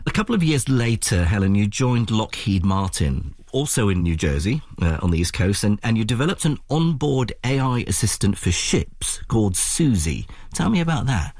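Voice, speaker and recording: Lively low-voiced male interviewer. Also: moderate pace, hardly any pauses, no room sound, clean studio sound. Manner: lively, conversational questioning. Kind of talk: radio interview.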